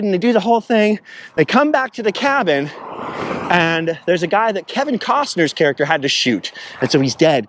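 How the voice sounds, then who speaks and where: Male travel vlogger, casual rambling storyteller, high and very lively voice. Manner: rambling, animated storytelling, slips into impressions. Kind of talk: casual storytelling while driving.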